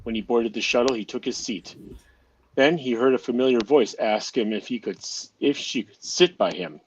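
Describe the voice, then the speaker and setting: A man narrating an amateur audio drama in a steady reading voice, now and then stumbling and restarting a phrase. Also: mid-range voice, moderate pace, breathy edge, dull audio.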